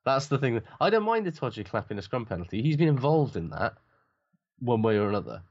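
A man's voice: medium pitch, big pitch swings, brisk, lo-fi sound. A middle-aged man, co-hosting a podcast in sweary, grumbling casual banter. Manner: sweary, laughs often, dry grumbling. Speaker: podcast co-host.

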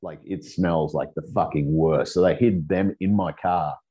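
A man's voice: low-pitched, steady tone, normal speed, warm tone, breathy edge, highs cut off. A middle-aged Australian man telling rambling, profane stories in a casual chat, laughing as he goes. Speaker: guest.

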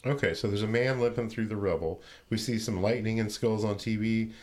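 A man's voice: on the low side, fairly even intonation, fairly quick, darkish tone. A man co-hosting a podcast, casually retelling a film's plot with swearing and laughter. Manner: laid-back storytelling, swearing and laughing. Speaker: podcast co-host recapping a movie.

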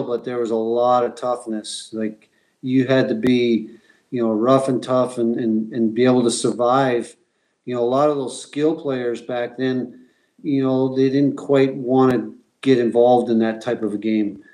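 Flat-toned man telling stories, halting. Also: mid-range voice, rough recording. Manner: halting, many fillers and restarts. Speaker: guest, former pro hockey player. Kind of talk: relaxed interview storytelling.

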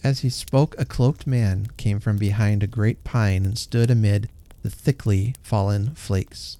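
Gentle man reading a story aloud. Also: on the low side, steady tone, unhurried.

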